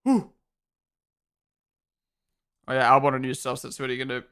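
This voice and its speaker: A man's voice: mid-range voice, moderate pace, a bit bright, clean tone. A man hosting a live race watchalong, reacting aloud in casual commentary and greeting chat viewers by name. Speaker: livestream host.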